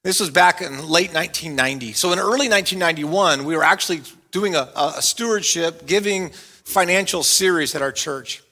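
Animated, bright-voiced male pastor preaching. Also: fairly high pitch, brisk. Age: middle-aged. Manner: animated, swings from loud playful bits to quiet earnest asides. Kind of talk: sermon.

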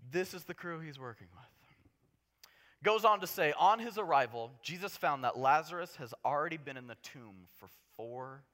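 A man preaching a casual, conversational sermon in an animated, jokey way, swinging between hushed and loud. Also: on the high side, moderate pace.

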